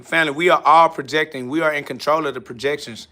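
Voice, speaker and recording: A man's voice: on the high side, fairly even intonation, fast talker, bright, forceful tone. A man hosting a live stream, answering chat in a brash, confrontational, profane way and mocking commenters. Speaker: livestream host.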